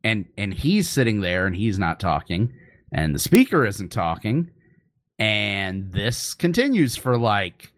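A middle-aged man telling a comic story in an animated, exasperated way, swearing freely. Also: on the low side, unhurried. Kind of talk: comedic storytelling.

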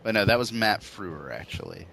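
Man, casual chat, dry wry remarks, lowish pitch. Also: very animated, a little fast, creaky, bright, forceful tone, slight background noise.

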